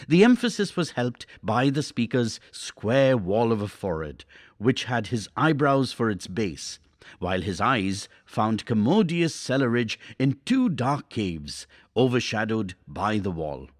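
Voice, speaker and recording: A male teacher reads a classic novel aloud for his class in a measured, expressive way. He takes his time, and his pitch rises and falls widely. The recording is dry and close. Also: no room sound.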